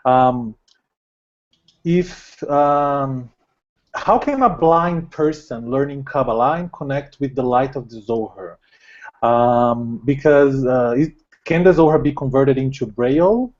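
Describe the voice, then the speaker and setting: A man hosting a live question-and-answer session, speaking hesitantly with many pauses and ums. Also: mid-range voice, a little mellow. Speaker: host. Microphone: video call. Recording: dull video-call audio.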